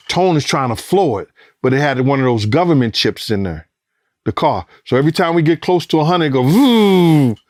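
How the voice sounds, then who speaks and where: A man recounting events as a former bodyguard in an animated, profane interview, acting out voices and sounds. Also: mid-range voice, no echo, studio quality. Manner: profane, acts out quotes and sounds, rising excitement.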